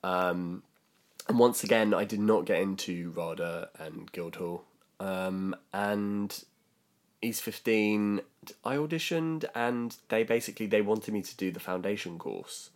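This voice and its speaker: Young British man, low voice, rambling storyteller with plenty of fillers. Casual podcast co-host. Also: a little slow. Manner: chatty storytelling, lots of ums and likes. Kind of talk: casual chat.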